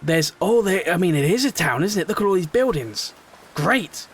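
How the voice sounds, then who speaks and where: A young man giving casual let's-play commentary on a game, rambling, excitable, sometimes shouting and swearing at what happens. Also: high voice, moderate pace, husky. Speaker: gaming video host.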